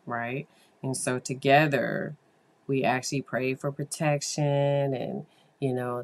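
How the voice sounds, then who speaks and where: A woman therapist with a bass voice tells her listeners a story in a casual monologue. She is animated and confiding, making asides to them.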